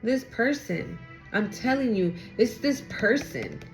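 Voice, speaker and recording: A woman's voice: fairly high pitch, lively intonation, slow, creaky, soft background music. A woman giving a casual tarot reading to camera, chatty and blunt, swearing freely and talking aloud to spirit as she goes. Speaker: tarot reader.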